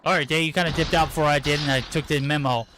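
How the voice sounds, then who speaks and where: A man with a fairly high voice calls an esports match, firing off quick play-by-play over a headset. Gunfire and game effects clatter loudly under his voice. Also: fairly even intonation, slight background noise. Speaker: esports caster. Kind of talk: play-by-play commentary.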